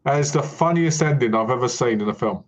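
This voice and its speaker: A man co-hosting a live stream, talking in a relaxed, rambling casual chat with hesitations. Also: mid-range voice, fast talker. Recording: slightly muffled stream audio.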